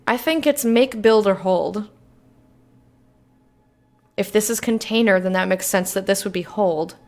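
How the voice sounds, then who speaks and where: A young woman playing a game and commenting casually, excitable and playful, swearing now and then. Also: medium pitch, measured pace. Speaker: let's play streamer.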